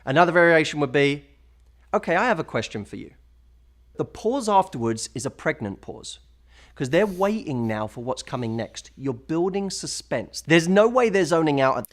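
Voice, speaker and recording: A man's voice: fairly high pitch, sing-song, moderate pace. A man presenting dating and conversation advice in a polished, upbeat way, acting out sample lines. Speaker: dating coach in a played video.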